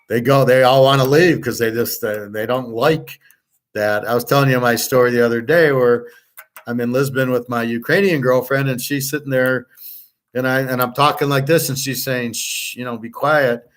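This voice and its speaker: At normal speed and with fairly even intonation, a middle-aged host launches into a blunt, profane, rambling rant. His pitch sits in the ordinary middle range. He treats his listeners as students, lecturing them.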